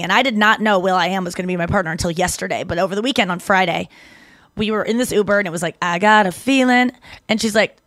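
Canadian woman podcast co-host, mid-pitch, rambling casual storyteller, dry booth sound. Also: a bit bright, no room sound. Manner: chatty storytelling, heavy use of "like", quick self-corrections. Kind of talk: casual chat.

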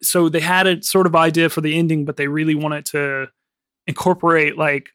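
A man co-hosting a film podcast in casual chat, rambling with lots of fillers and quick laughs. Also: fairly high pitch, flat delivery, a bit bright, smooth, dry recording, studio quality. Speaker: podcast co-host.

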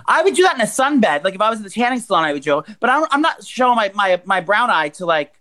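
A woman in her forties chatting on a podcast, her voice sitting in an ordinary middle range. She retells shocking stories bluntly and with plenty of swearing, animated and unfiltered. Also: medium pitch, fast talker. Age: 40s. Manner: blunt, profane, animated storyteller. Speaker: podcast co-host. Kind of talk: casual chat, retelling news stories.

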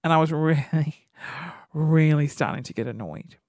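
This podcast host, a man in his thirties, speaks a little high and at a moderate pace while ranting comically about his pet peeves. His storytelling is animated and exasperated, captured in studio quality with no room sound.

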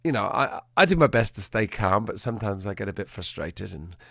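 A man, a dog trainer, telling a story in an animated way and acting out the quotes in a changing voice. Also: lowish voice, fairly quick, creaky, no room sound, studio quality. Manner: animated, acts out quotes in a shifting voice. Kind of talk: conversational storytelling.

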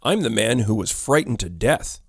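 A man voicing the sad, quiet ghost of a young man who speaks slowly and softly with a sigh. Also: lowish voice, animated, husky, no echo, clean studio sound. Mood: hollow. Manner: slow, quiet, sighing.

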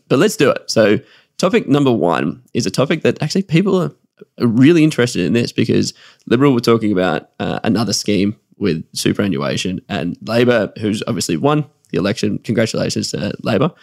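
A man co-hosting a business podcast, talking in an animated, chatty way and laughing often. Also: lowish voice, gravelly, dry recording, studio quality. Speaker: podcast co-host. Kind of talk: casual business podcast chat.

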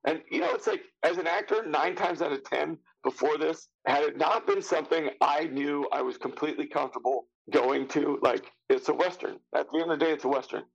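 A man in his fifties with a gravelly, raspy, fairly high voice tells an animated story, slipping into the voices of the people he quotes. The sound is dull and lo-fi. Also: a little fast, few pauses. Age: 50s. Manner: animated, acts out quotes of others, casual swearing. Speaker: actor guest. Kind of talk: casual anecdotal storytelling.

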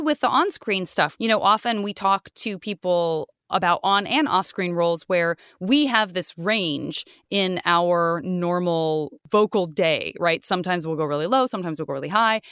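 A woman co-hosting a podcast and chatting casually, animated and talkative, her voice jumping high when she gets excited. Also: clean tone, no room sound, clean studio sound. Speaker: podcast co-host and voice actor. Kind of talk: casual chat.

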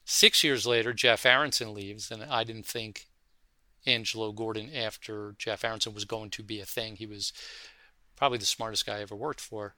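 A man, a fund manager, speaking from his office in an interview, telling his career story in an animated way and acting out the voices in his anecdotes. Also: fairly low pitch, normal speed, dry recording. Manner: animated anecdotal storyteller, acts out quoted dialogue.

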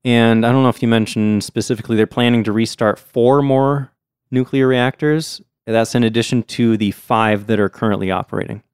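A man's voice: mid-range voice, steady tone, moderate pace, clear, resonant tone, no room sound, clean studio sound. A man hosting a podcast in casual chat, talking in a friendly, chatty way. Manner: friendly, chatty, hedging with fillers. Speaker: podcast host.

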